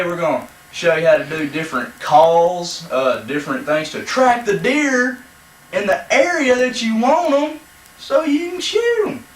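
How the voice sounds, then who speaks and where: Brief: man playing a cocky deer-hunting pro, rambling and hammy, pitch swings wide, echoey room. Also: a bit bright. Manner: boastful, rambling, hammy emphasis. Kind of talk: comedy sketch. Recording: echoey room, mic far off.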